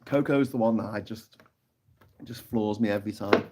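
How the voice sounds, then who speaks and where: A middle-aged British man with a dark tone hosts a casual live stream at normal speed, reading out chat comments and cracking mocking jokes. He's chatty and scornful, jumping into high, squeaky voices for his caricatures.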